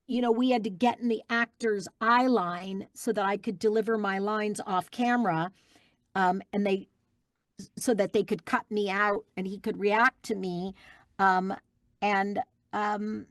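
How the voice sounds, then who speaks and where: A middle-aged woman sits in on an interview as a guest voice actress. She tells her stories in an animated way, with frequent fillers and restarts. Her voice is mid-pitched and the recording is dry and close. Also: no echo. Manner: warm, animated storytelling with fillers. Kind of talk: casual interview chat.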